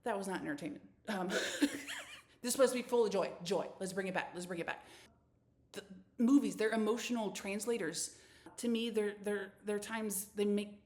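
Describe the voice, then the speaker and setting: Animated woman hosting a solo podcast. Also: medium pitch, moderate pace. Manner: animated, effusive, frequent restarts and stammers. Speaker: podcast host. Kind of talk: casual solo podcast monologue.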